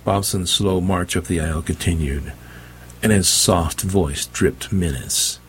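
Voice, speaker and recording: A man's voice: sits low, takes it slowly, a little hiss or hum. A man narrating an audiobook in a dry, wry storytelling manner. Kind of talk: scripted narration.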